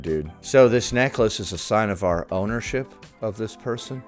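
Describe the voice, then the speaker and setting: Deep-voiced sarcastic male reaction host. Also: animated, normal speed, few pauses, soft background music. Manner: sarcastic, mocking. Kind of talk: casual reaction commentary.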